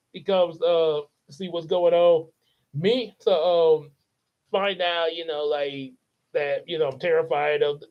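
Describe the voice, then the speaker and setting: A man rambles through a casual story for his channel, laughing often and stopping to act out the characters. His delivery is loose and animated, full of fillers and restarts. The recording is muffled and lo-fi. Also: a little high. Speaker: channel host.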